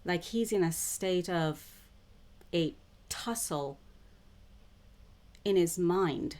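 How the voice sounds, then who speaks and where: A woman who calls herself a psychic channeler, talking to camera in a spiritual monologue, with slow, deliberate phrasing that keeps circling back to the same words. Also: fairly low pitch, a little mellow. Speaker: self-described psychic channeler.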